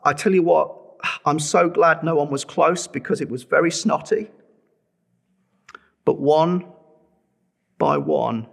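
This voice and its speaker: A man's voice: fairly high pitch, gravelly. A middle-aged man preaching a sermon, telling a personal testimony with earnest feeling and pleading with listeners to respond.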